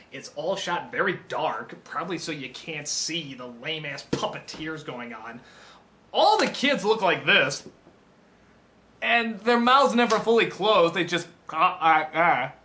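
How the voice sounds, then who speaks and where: A man reviewing films in an impassioned unscripted rant. He is excitable, stammers and restarts, and swings between shouted outbursts and low mutters. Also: a little hiss or hum. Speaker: film reviewer.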